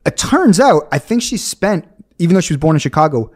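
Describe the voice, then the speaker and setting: A man co-hosting a casual podcast chat, telling stories with quick enthusiasm. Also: on the high side, big pitch swings.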